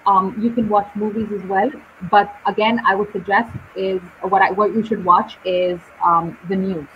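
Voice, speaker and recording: A woman teaching English in a live online session, speaking slowly and deliberately with clear pauses between words. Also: medium pitch, fairly even intonation, slight background noise. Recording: dull lo-fi live stream audio.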